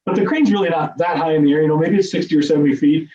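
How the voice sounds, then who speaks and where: A middle-aged man telling a personal story to a meeting audience, animated, with self-deprecating humor. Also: on the high side, rapid-fire. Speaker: speaker at a meeting. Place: meeting room. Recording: echoey, distant, dull room sound.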